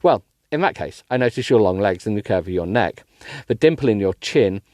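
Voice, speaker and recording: A man reading as a dry, deadpan older rich guy. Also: fairly low pitch, fairly quick, dry recording, close to an everyday voice. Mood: teasing.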